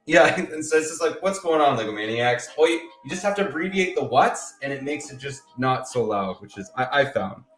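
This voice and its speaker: A man's voice: a little high, brisk, few pauses, fairly bright tone. A man with a Canadian accent hosting a casual livestream, greeting chat viewers by name and laughing often. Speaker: livestream host. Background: faint background music.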